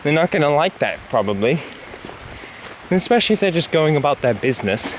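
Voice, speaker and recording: A man's voice: fairly high pitch, big pitch swings, a little fast, noisy background. A man vlogging outdoors on an uphill trail, slightly out of breath, rambling with lots of fillers, recorded on a handheld camera. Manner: rambling, musing, with filler words. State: panting from climbing uphill. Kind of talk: casual talk while hiking.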